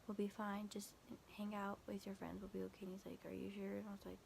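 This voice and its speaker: A woman's voice: mid-range voice, little pitch movement, fast talker, vocal fry, a little mellow, slight background noise. A young woman vlogger casually retelling a scary night, quoting back and forth with lots of "like" and restarts. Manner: quotes texts with constant "I was like", "he's like"; rambling, filler-heavy, frequent restarts.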